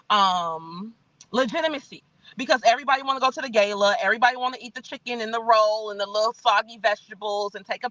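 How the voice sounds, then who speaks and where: Woman, podcast guest, animated, folksy, dry close sound. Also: on the high side, no echo, dull audio. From Chicago, US. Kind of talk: conversational interview. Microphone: podcast mic.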